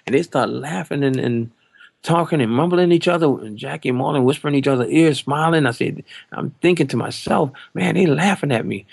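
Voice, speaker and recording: Older guy, drummer, telling a story on a podcast, gravelly voice, does everybody's voices, dry sound. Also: mid-range voice, no echo. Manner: animated, acts out other people's lines in his story. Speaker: drummer telling of his audition.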